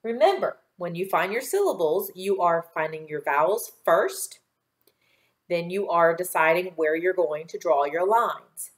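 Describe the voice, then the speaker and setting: A woman teaching a recorded phonics lesson to children, patient and encouraging, stretching words out slowly and clearly as she models them. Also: on the low side, animated. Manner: slow, clear enunciation with drawn-out model words. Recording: echoey room.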